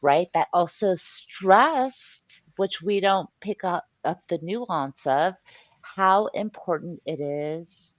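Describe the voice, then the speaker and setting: A frank woman talks slowly in a casual online chat, stopping to search for words. Her voice sits very low, and the recording is dry and slightly muffled. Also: lively intonation, no echo. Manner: frank, hesitant, many fillers. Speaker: YouTube channel host.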